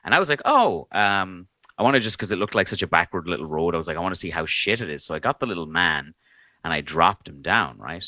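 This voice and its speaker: A man's voice: low-pitched, fast, bright, forceful tone, no room sound. A man in his thirties co-hosting a podcast, telling a story in casual chat, swearing freely and acting out his own reactions. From Ireland. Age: 30s. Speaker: podcast co-host.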